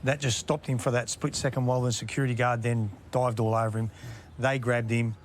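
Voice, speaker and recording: A man, a former referee telling stories in a relaxed interview and chuckling at his own anecdotes. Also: mid-range voice, a little fast, slight background noise. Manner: laid-back yarn-spinner, acts out quotes, chuckles. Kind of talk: casual storytelling interview.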